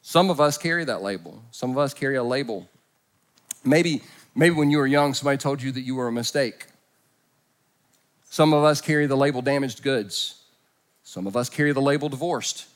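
Storytelling and comic impressions fill a middle-aged pastor's humorous church sermon, and his delivery moves between soft and loud. He has a medium pitch, talks at a normal speed, and pauses often.

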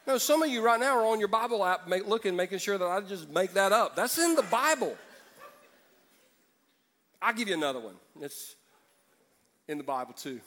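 A man's voice: sits high, lively intonation, normal speed, long pauses, pushed and bright, slight background noise. A man preaching a sermon as pastor, joking and acting out voices from the congregation.

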